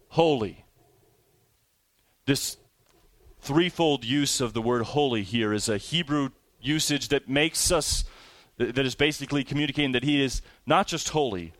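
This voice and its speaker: A man's voice: mid-range voice, a bit bright, no room sound. Man preaching with dry close sound. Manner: preaching with rising emphasis and slow drawn-out scripture reading. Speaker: pastor. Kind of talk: sermon.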